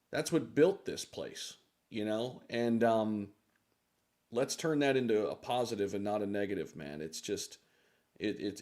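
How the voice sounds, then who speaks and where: Earnest halting man hosting a live room. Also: mid-range voice, darkish tone. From United States. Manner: earnest, halting, many fillers and restarts. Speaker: host of a live crypto audio room. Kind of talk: casual live talk.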